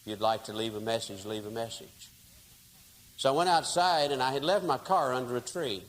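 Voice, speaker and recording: Man, from Texas, pastor, folksy storytelling sermon, medium pitch, long hall reverb, faint hiss. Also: fairly quick. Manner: folksy, conversational, dramatic shifts in loudness.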